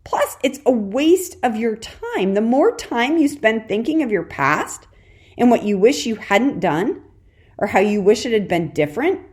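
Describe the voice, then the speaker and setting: A woman's voice: on the high side, big pitch swings, unhurried. Chatty encouraging woman podcaster. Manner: warm encouraging, addresses listener as "dear warrior"; chatty with frequent "okay" and laughs. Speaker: podcast host and parenting coach. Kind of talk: solo podcast talk.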